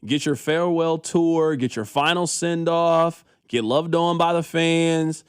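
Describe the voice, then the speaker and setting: A man co-hosting a casual sports talk radio show, riffing in an animated, incredulous, slangy way into a studio microphone. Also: a little high, measured pace, smooth, no echo.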